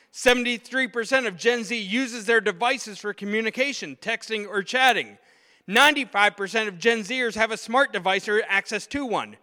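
A man's voice: sits high, pushed and bright. Emphatic preaching man in his forties. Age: 40s. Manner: emphatic preaching with acted quotes. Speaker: pastor. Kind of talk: sermon. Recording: long reverb of a large hall.

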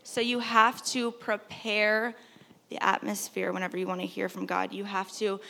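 A woman preaching a sermon in a church hall, talking conversationally, asking rhetorical questions and dropping at times to a soft hush. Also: mid-range voice, flat delivery, normal speed, gravelly. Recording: long reverb of a hall.

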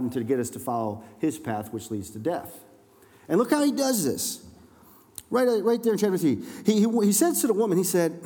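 A man preaching a sermon, reading scripture and then explaining it in a lively, conversational way, acting out the voices in the story. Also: fairly high pitch, long reverb tail. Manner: animated, acts out quoted voices. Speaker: pastor.

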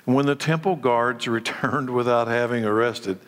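A man gives a teaching sermon with an emphatic, questioning delivery, pressing his listeners and reading scripture aloud. His voice sits at a middle pitch for a man and carries a long hall reverb around it. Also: normal speed. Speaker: Bible teacher.

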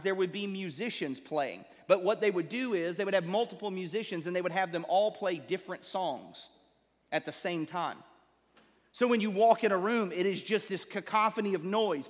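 A male pastor preaching a sermon. He builds up with rising emphasis, then drops low and slow to drive a point home. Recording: long reverb of a large hall.

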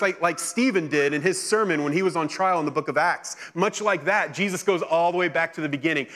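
A male pastor preaching a sermon, reading scripture and then retelling it in lively, casual speech. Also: on the high side.

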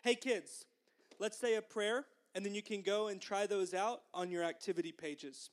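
A woman giving a children's sermon, gently encouraging the children and asking them to repeat phrases after her. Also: medium pitch, fairly even intonation, normal speed. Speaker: children's minister.

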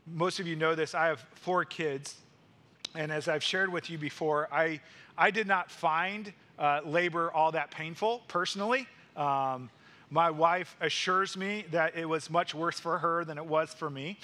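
A middle-aged male pastor delivers a sermon in a high, bright voice. He preaches earnestly, repeating phrases and slowing to drive points home. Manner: earnest, repetitive preaching cadence, slowing for emphasis.

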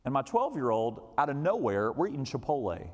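A middle-aged man preaching a sermon, telling a story dramatically and swinging from loud shouts to quiet low asides. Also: very animated, fairly quick. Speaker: pastor. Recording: long hall reverb.

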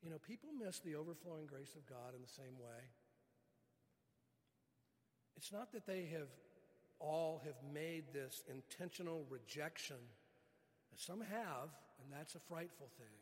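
Middle-aged guy preaching, folksy story, voice a bit high, long hall reverb. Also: measured pace, pauses often. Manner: folksy storytelling, animated retelling. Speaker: pastor. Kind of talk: sermon with personal story.

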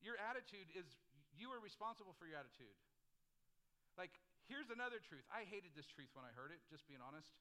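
Bright, high-voiced man preaching. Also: big pitch swings, fairly quick. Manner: conversational preaching with frequent "like" and call-and-response. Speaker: pastor. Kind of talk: sermon.

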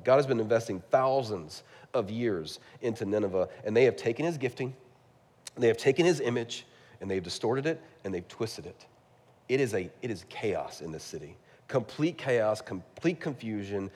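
A man preaching a sermon as a pastor, animated, with big swings between loud and soft. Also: moderate pace. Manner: animated preaching with wide swings in pitch and loudness. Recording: long hall reverb.

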